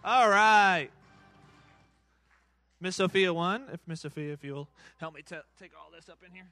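Guy with a high bright voice running a church game, playful hype, faint music behind. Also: moderate pace. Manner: playful, hypes up the crowd, cheers countdowns. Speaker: children's church game host. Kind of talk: live game hosting with a crowd. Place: church hall.

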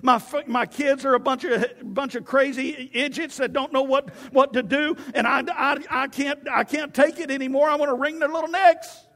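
Whiny, self-pitying churchgoer, mocked by a preacher, high and complaining, in a reverberant hall. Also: male voice, fairly even intonation, normal speed, few pauses, fairly bright tone. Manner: whiny, mocking.

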